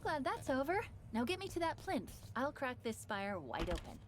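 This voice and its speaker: A woman's voice: high voice, very animated, moderate pace, a little hiss or hum. A woman voicing a boastful female enemy commander in a video game, sounding gloating.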